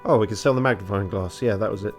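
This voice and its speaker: A man's voice: fairly low pitch, fast talker, faint music behind. A man streaming a charity event, making wry, sweary, self-deprecating asides between story passages. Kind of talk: self-mocking aside while playing a story game.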